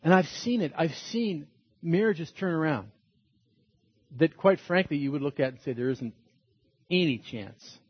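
Man preaching, earnest pastoral sermon, slightly higher voice, husky edge, dry muffled sound. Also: lively intonation, unhurried, long pauses, dry recording. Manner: earnest, pastoral, emphatic repetition.

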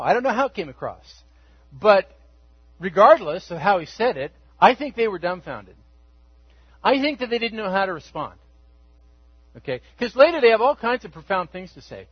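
A man with a high, husky voice preaches a sermon in a relaxed, conversational storytelling way, slipping into the speakers' voices as he quotes them. The sound is dry and a little dull, like a lo-fi church recording. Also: normal speed, pauses often, no echo. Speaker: pastor.

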